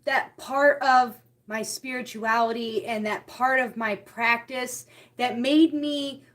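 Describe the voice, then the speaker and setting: A woman's voice: on the high side, fairly even intonation, slow pace, fairly bright tone. A woman hosting a spiritual live stream, talking casually and heartfelt, often repeating her key words.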